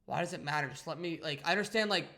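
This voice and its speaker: Very fast and fairly high-pitched, this young man's voice sounds pushed and bright as he co-hosts a podcast. He chats casually and rambles, restarting sentences often and leaning on "like" as filler.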